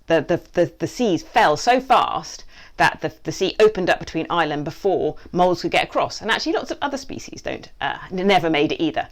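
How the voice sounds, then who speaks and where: A woman hosting a playful children's quiz from her basement, joking and trying silly accents. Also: low-pitched. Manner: animated, jokey, with mock accents and asides. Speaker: quiz host, children's author. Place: basement at home.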